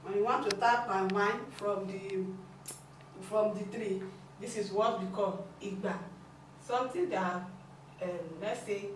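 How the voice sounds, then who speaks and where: A woman's voice: medium pitch, steady tone, measured pace, heavy reverb. Woman, language teacher, patient and repetitive, distant mic, faint room hum. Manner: patient, explanatory, repeats points. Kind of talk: classroom lesson.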